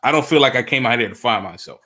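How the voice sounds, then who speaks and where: A man from the US East Coast, chatting as a roundtable guest, halting and searching for words with many fillers. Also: mid-range voice, pushed and bright. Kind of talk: casual chat.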